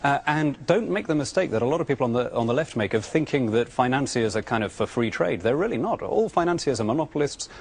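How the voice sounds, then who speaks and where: A man's voice: medium pitch, expressive, fast talker, vocal fry, few pauses, breathy edge. A British man as a politician guest on a TV interview, arguing his views earnestly and often stammering through restarts. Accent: British English. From Britain. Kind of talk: remote TV interview answers.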